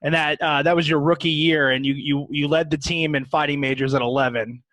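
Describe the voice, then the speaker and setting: Higher-voiced easygoing male host. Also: steady tone, brisk, a bit bright, dry recording, poor audio. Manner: easygoing questions with filler "uh"s. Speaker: podcast host. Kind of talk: casual interview.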